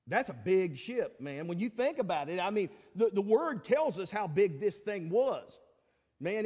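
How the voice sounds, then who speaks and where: A man's voice: high-pitched, a little mellow, in a large hall. A male pastor, preaching a sermon in a conversational, folksy way with fillers and emphatic peaks.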